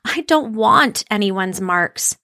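A woman's voice: medium pitch, expressive, slow, bright, forceful tone, dry recording, clean studio sound, heavily acted. A woman voicing a small, timid male wooden puppet who talks in an unsure, pleading way. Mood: downcast.

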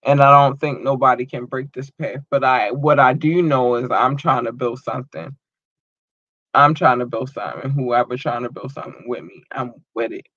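A man hosting a podcast, giving casual shout-outs to his listeners and talking in a loose, emotional way with a lot of swearing. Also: mid-range voice, normal speed, no room sound, dull audio. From United States. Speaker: podcast host.

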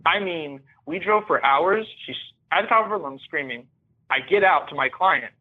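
A man's voice: on the high side, animated, normal speed. Earnest man on a tinny line. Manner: earnest, reflective, candid. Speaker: podcast guest. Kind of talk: personal storytelling.

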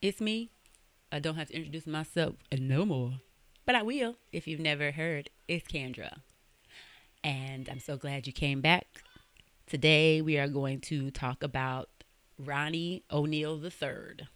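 A woman's voice: low voice, unhurried, a bit bright, dry recording. A young woman hosting a podcast, telling a true-crime story in a casual, slangy way and swearing freely. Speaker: podcast host.

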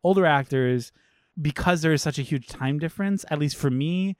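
A man's voice: fairly high pitch, moderate pace, no echo, clean studio sound. A man co-hosting a casual movie podcast, chatty, full of "like," swearing freely. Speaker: podcast co-host.

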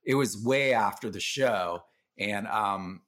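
A man's voice: lowish voice, takes it slowly, fairly bright tone. A man, a band member, telling road stories casually on a podcast, laughing often and swearing freely. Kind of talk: casual storytelling.

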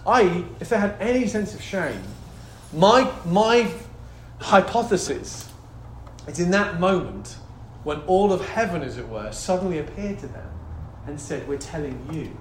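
Male pastor, high voice, animated preaching from hushed to loud, roomy hall with faint hum. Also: a little slow. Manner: animated, swings from hushed to loud exclaiming, calls for hallelujahs. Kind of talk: sermon. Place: church hall. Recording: echoey hall, faint ambience.

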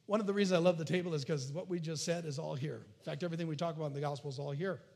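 A man preaching a sermon, animated, swinging from loud calls to hushed near-whispers. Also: on the high side, racing, vocal fry. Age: adult. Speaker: pastor.

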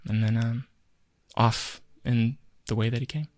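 A little slow and mid-range in pitch, a man co-hosting a podcast tells a story in easygoing conversation. He delivers it with animation, acting out the quoted lines.

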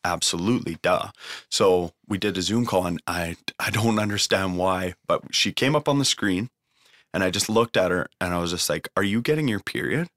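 A man's voice: sits low, moderate pace, fairly bright tone, no room sound, studio quality. A young man telling an emotional recovery story in a casual way, swearing freely and using lots of fillers. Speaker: guest sharing a recovery story.

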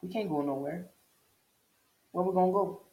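Low-voiced New woman vlogger. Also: normal speed, mellow. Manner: repetitive, emphatic, talks straight to viewers. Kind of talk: personal storytelling vlog. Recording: echoey room.

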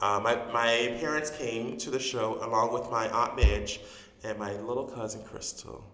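A man's voice: mid-range voice, normal speed. Chatty man in a roomy, echoing space. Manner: animated storyteller, many fillers and restarts. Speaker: stage actor guest. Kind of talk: casual storytelling interview. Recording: roomy reverberant room.

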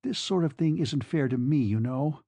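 A man's voice: on the high side, lively intonation, moderate pace, mellow, no room sound. A man reading a novel aloud and voicing a desperate, weary young soldier who speaks urgently. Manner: urgent, raised, exasperated.

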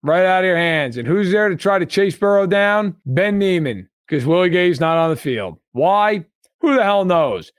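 A man's voice: high voice, expressive, moderate pace, no room sound, clean studio sound. A man co-hosting a sports podcast, breaking down a game in an emphatic, heated way. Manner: emphatic, building to outbursts. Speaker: podcast co-host.

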